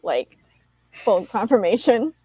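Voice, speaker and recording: A woman's voice: medium pitch, very animated, takes it slowly, warm tone, breathy edge, low-quality recording. A woman co-hosting a casual live book discussion, thoughtful and hedging her points. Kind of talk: casual live-stream chat.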